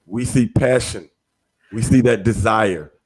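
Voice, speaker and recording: A man's voice: fairly low pitch, measured pace, breathy edge. A man hosting a podcast in casual interview chat, talking in an emphatic, repetitive, slangy way. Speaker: podcast host.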